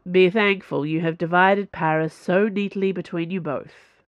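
A woman's voice: lowish voice, fairly even intonation, a little slow, dry recording, lightly acted. A woman voicing a smug, flirtatious swordswoman, with a teasing manner. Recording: dull lo-fi dry recording.

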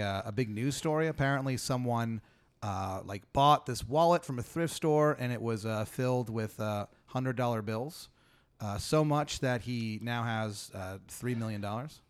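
A man improvising an absurd second-person story for a comedy podcast, rambling deadpan with many fillers. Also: medium pitch, a little slow, clear, resonant tone. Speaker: podcast co-host.

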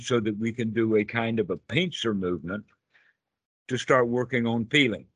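Husky man giving an earnest dharma talk. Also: mid-range voice, no echo. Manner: earnest, explanatory, slows down to stress teachings. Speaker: Buddhist teacher. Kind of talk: dharma talk on a group call. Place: online group call.

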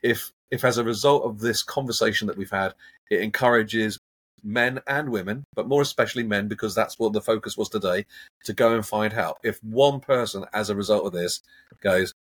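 A man, a hypnotherapist, talking in a casual interview and acting out everyday examples in an animated, coaching way. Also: fairly low pitch, normal speed. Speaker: hypnotherapist guest.

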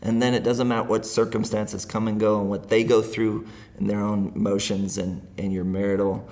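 A man's voice: lowish voice, level tone, moderate pace, a little mellow. A middle-aged man speaking as a guest in a casual interview, earnest and rambling, often laughing as he talks.

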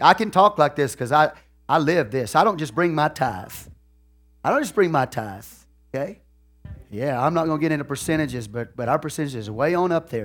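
A man with a Texan accent preaching a sermon as pastor, folksy and peppered with "okay?" and "hallelujah", swinging from soft asides to shouted lines. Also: fairly high pitch.

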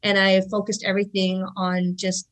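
A woman's voice: mid-range voice, monotone, moderate pace, rough recording. A woman in her thirties telling stories in a casual interview, chatty and full of fillers. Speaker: interview guest, jiu-jitsu competitor. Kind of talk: casual storytelling.

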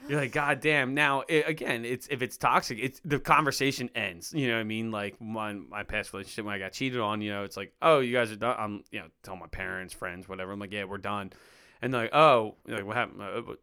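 A man's voice: on the low side, fast, clear, resonant tone. A young man co-hosting a casual podcast chat, swearing a lot and acting out what other people say. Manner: profane, animated, acts out quoted voices. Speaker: podcast co-host.

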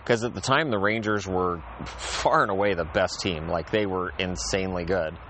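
A man with a lowish voice talks in a loose, rambling monologue, circling back over the same phrases. He sounds like he is outside in a backyard, with faint traffic somewhere in the background. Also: moderate pace, a bit bright. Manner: rambling, repeats phrases, restarts sentences. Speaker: podcast host. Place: outdoors in a backyard.

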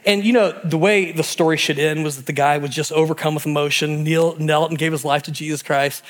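A pastor preaching a sermon and telling stories with animated energy, acting out the people in them. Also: male voice, a little high, fairly quick. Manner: animated storytelling, acting out voices in quotes.

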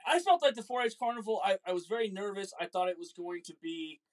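A man hosting a casual podcast with his son, telling stories in an animated, joking way. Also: high-pitched, fast talker. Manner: animated, jokey, acts out voices in stories. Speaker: podcast host, father. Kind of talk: casual storytelling chat.

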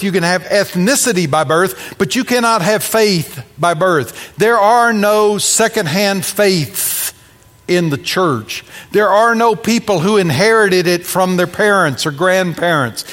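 A man's voice: sits high, fairly bright tone. Preaching man in a reverberant church. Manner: preaching with dramatic emphasis and humorous asides. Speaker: pastor. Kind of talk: sermon.

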